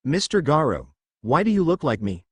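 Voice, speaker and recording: A man's voice: fairly high pitch, big pitch swings, normal speed, husky, dry recording, studio quality. A man voicing an eager, brash young male hero in a read-aloud fan story.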